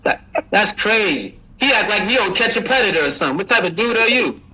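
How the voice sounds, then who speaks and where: A man's voice: high voice, expressive, brisk, pushed and bright, husky, rough recording. A man hosting a livestream, chatting casually with viewers, teasing them and laughing often. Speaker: livestream host. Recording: music playing behind.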